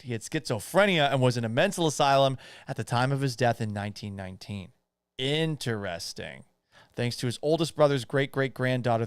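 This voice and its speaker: A man from Boston hosts a casual live stream from his home office. He reads chat comments and answers them with offhand, salty humor. His voice is smooth and clear, and the sound is dry and close. His pitch sits in a middle range. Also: no room sound. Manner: casual, profane, joking with viewers. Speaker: podcast host.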